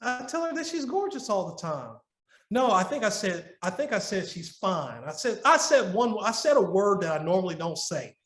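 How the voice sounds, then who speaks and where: A middle-aged man with a fairly high voice talks earnestly as a podcast guest, sharing advice on marriage in a loose, conversational way. He stumbles, repeats and restarts his words as he works through a story. The sound carries a noticeable roomy echo. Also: very animated, normal speed, fairly bright tone.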